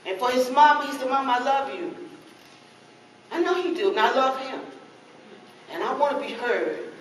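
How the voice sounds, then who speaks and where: A woman's voice: high voice, normal speed. A middle-aged woman speaking passionately as a parent caregiver at a public forum, pleading and repeating herself. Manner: impassioned, pleading, repetitive. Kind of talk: emotional public comment. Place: public meeting hall. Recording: echoey hall from far off, noisy.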